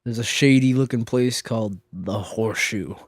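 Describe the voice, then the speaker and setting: A man co-hosting a casual comedy chat, telling stories in a deadpan, mock-serious way. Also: fairly low pitch, normal speed, slight background noise. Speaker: podcast co-host.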